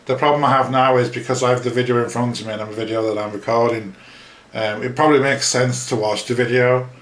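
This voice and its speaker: A man's voice: medium pitch, fairly even intonation, quick pace, echoey room. A man hosting a solo podcast, talking casually in a rambling, self-deprecating way with many fillers. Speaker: podcast host.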